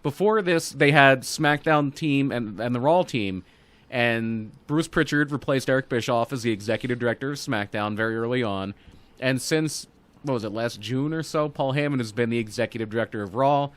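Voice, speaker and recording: A man co-hosting a podcast, casually walking through news and rumors with relaxed hedging asides. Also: medium pitch, normal speed. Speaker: podcast co-host. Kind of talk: casual wrestling news chat.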